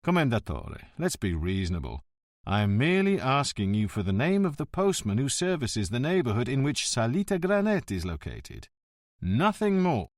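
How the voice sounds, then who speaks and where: A male narrator plays a cunning, hot-tempered police inspector in an audiobook. He speaks in a biting, theatrical way, and his pitch swings widely. The sound is dry and close. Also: wildly swooping pitch, normal speed, no echo. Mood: reasoning.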